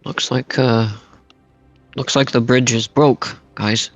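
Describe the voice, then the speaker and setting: A man's voice: mid-range voice, level tone, takes it slowly, no room sound, faint music behind, low-quality recording. A man playing a tabletop game casually, hesitant and repeating words. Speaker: player.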